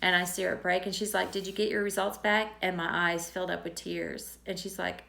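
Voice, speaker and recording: Middle-aged woman, a bit of fry, chatty and candid, vlog storytelling. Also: on the low side, flat delivery, brisk, hardly any pauses, pushed and bright. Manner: candid, conversational, retells dialogue. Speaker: teacher.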